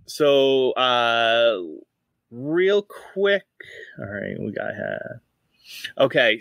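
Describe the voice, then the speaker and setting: A man's voice: medium pitch, a bit bright, dry recording. A man narrating as game master of a tabletop game, rambling with many fillers.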